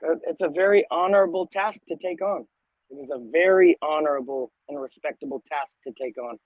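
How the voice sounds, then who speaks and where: A man talks in a reflective, thoughtful way, often stumbling over the first word before he goes on. His voice sits a little high. The sound is dry and close. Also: a little fast, no room sound, low-quality recording. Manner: thoughtful, stammers on first words. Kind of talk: reflective casual conversation.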